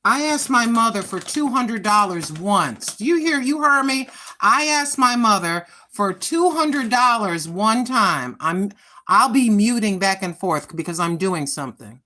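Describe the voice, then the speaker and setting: A woman's voice: medium pitch, lively intonation, a little slow, pushed and bright. A woman in her sixties hosting a casual livestream, venting bluntly and with frustration, swearing freely as she talks. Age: 60s. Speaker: livestream host.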